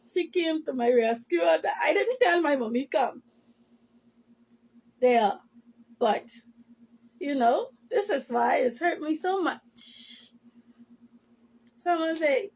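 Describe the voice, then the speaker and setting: Woman, high voice, emotional testimony, sometimes tearful. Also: expressive, slow, vocal fry, long pauses, a little mellow. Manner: impassioned, repetitive, addresses listeners as "people of God".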